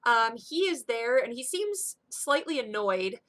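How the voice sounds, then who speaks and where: Woman game master, bright voice, somewhat high, hesitant narration with fillers. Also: big pitch swings, measured pace.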